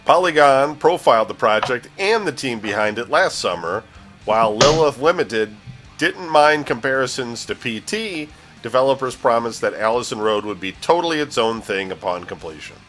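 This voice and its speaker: A man hosts a casual radio-style gaming news show, reading the week's game releases in a lively, swooping voice. His tone is bright, and he cracks jokes and stumbles over odd names. Faint music plays behind him. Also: mid-range voice, normal speed. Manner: jokey, laughs often, stumbles over names. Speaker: news host.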